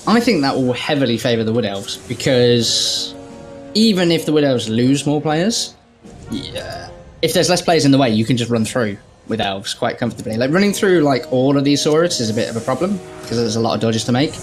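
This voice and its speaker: A man talking through the tactics of a video game match in a casual, analytical way. He builds long explanations and circles back to restart his points. His voice sits at a middling pitch, with faint music underneath. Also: lively intonation, brisk. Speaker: game commentator.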